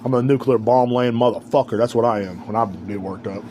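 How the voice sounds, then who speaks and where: A man's voice: mid-range voice, fairly quick, dark tone, a little hiss or hum. A man hosting a podcast, ranting alone in a heated, rambling, profane way. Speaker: podcast host. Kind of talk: casual ranting monologue.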